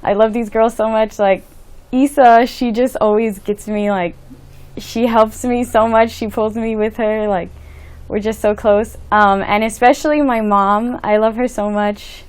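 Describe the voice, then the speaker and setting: Soft-spoken teenage girl giving thanks. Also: on the high side, steady tone, measured pace, clean tone. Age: late teens. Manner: soft-spoken, gushing thanks with many fillers. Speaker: graduating student. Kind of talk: interview answers.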